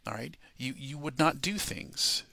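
A man's voice: mid-range voice, animated, unhurried, vocal fry, pushed and bright, no room sound. A man preaching a sermon, emphatic and repetitive, peppering his points with rhetorical questions.

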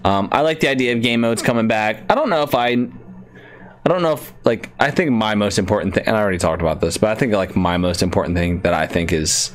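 A man's voice: lowish voice, expressive, fairly quick. A man chatting casually on a gaming podcast, rambling with frequent restarts into a desk microphone. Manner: rambling with many restarts, laughs easily. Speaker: podcast co-host.

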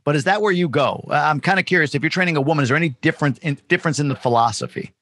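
A man's voice: a little high, very fast, a bit bright, no room sound, clean studio sound. A man hosting an interview, asking rambling questions and stacking several at once. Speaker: podcast host.

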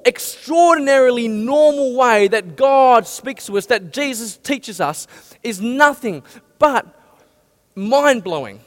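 A male pastor preaching a lively sermon and asking his listeners many questions. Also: high voice. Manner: animated, asks the audience many questions. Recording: long hall reverb.

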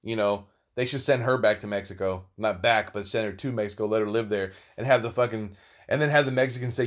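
A man's voice: lowish voice, brisk. A man hosting a solo podcast, talking casually in a profane, rambling and opinionated way. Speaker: podcast host.

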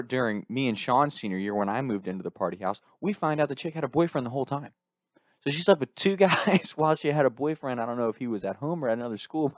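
A man in his twenties casually telling an animated story, laughing through it. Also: medium pitch, no echo, clean studio sound.

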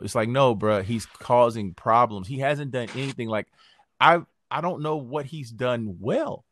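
A man hosting a podcast, talking politics in a casual, animated way, full of slang and swearing and quick impressions of other people. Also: mid-range voice, no room sound. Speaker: podcast host.

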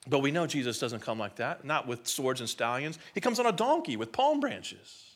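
A man's voice: medium pitch, sing-song, moderate pace. A man preaching a sermon in an emphatic, conversational way, often putting rhetorical questions to his listeners. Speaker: pastor.

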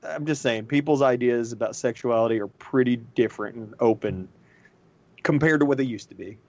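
A man co-hosting a podcast in casual chat, telling stories with animated energy and frequent laughs. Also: medium pitch, fairly quick. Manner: animated storyteller, laughs often. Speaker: podcast co-host. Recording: dull lo-fi sound.

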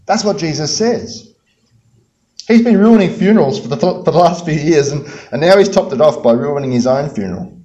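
A man preaching a sermon, emphatic, repeating key phrases and swinging between loud bursts and hushed lines. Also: a little high, expressive, moderate pace. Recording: roomy, dull-sounding hall recording.

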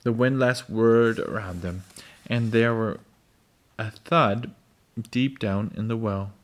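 A man reading a children's storybook aloud, halting and stumbling over words. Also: on the low side. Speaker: reader.

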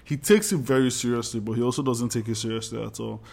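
A man's voice: medium pitch, steady tone, quick pace, vocal fry, darkish tone. A man co-hosting a podcast, joking around in casual banter and swearing freely. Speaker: podcast co-host.

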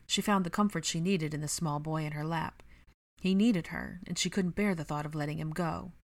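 A woman narrating a story in a gentle, even storytelling manner. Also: sits low, normal speed, no room sound. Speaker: reader. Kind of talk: audiobook narration of fan fiction.

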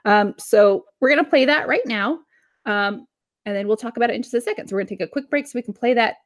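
A woman's voice: on the high side, fast talker, no echo, clean studio sound. Chatty woman podcast co-host. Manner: chatty, swears casually. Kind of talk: casual chat.

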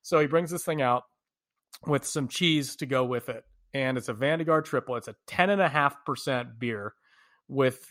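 A man's voice: medium pitch, a bit bright. A man, a podcast co-host from the United States, animatedly telling travel stories in a casual chat, laughing often.

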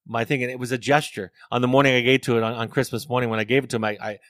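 A man's voice: mid-range voice, little pitch movement, racing, fairly bright tone, dry recording, studio quality. A middle-aged man, a therapist and author, talking earnestly and telling stories in an interview, often repeating words as he thinks. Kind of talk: reflective interview talk.

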